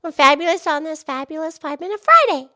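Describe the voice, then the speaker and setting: Speaking fairly quickly, a woman hosts a children's podcast as a cheerful cartoon pig. Her very high, squeaky character voice is animated, bright, and forceful, brimming with bubbly enthusiasm.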